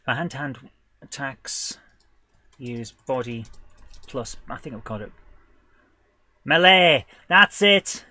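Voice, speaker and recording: A man designing a tabletop game live, thinking aloud in a hesitant, halting way, stopping and correcting himself, with bursts of excitement when an idea lands. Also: medium pitch, slightly rough, no echo. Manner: hesitant, halting, full of restarts and self-corrections. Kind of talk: thinking aloud while working.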